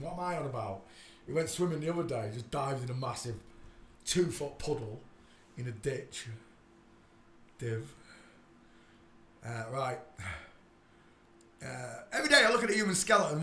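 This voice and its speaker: A man rambling through a livestream from home, blunt and crude, cutting in to talk to his dog. His voice has a middling pitch and bounces around a roomy space. A faint hiss sits under the sound. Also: a bit bright. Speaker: live stream host. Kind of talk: casual rambling livestream chat. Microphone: desk microphone.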